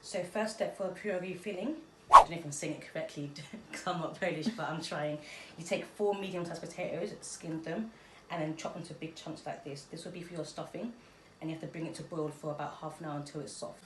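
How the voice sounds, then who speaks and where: A woman's voice: sits low, a little fast. A young woman demonstrating a recipe in her home kitchen, chatty and self-deprecating, with fillers and small laughs. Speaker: cooking vlogger. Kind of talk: casual cooking demonstration. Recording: noisy kitchen recording.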